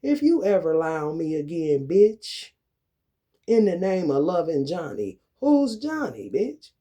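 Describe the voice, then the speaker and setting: A man delivering an angry, confrontational ranting monologue to camera, full of swearing, swinging between loud outbursts and low muttering. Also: big pitch swings, measured pace. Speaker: vlogger.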